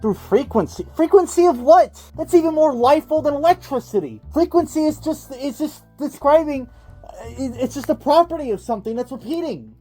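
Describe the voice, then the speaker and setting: High-pitched man mocking clips loudly. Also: lively intonation, a little fast, soft background music. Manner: mocking, loud and exaggerated, with sudden yells. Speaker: commentator reacting to clips. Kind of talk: comedic reaction commentary.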